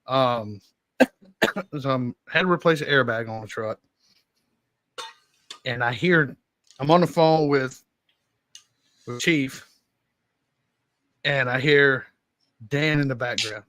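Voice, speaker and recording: A man's voice: medium pitch, takes it slowly, pauses often, fairly bright tone, no room sound. A man with a Southern Georgia accent, co-hosting a podcast in casual chat, rambling through stories and laughing often. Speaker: podcast co-host.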